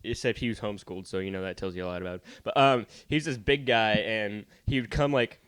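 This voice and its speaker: A young podcast co-host tells rambling childhood stories in casual chat, swearing freely and acting out quotes. His voice sits on the low side, fast and fairly bright, with a clean tone in a dry recording.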